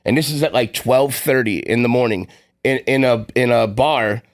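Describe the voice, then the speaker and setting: A man co-hosting a roofing podcast, telling a long story in a quick, rambling way full of fillers. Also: medium pitch, no echo, studio quality. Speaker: podcast co-host. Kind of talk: casual podcast chat.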